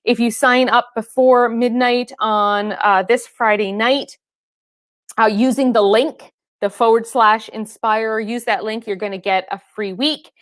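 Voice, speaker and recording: A woman's voice: fairly high pitch, fairly even intonation, measured pace, no echo, clean studio sound. A woman fitness trainer hosting a casual live stream, chatting and laughing with viewers and calling them by name.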